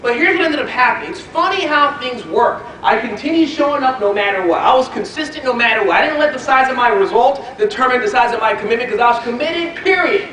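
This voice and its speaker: A high-voiced man gives a motivational business training to a live audience, telling stories with animated energy and throwing questions at the room. His voice booms around a large echoey hall and is caught from a distance. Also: fast talker, few pauses. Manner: animated storytelling, quizzing the audience. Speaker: network marketing trainer.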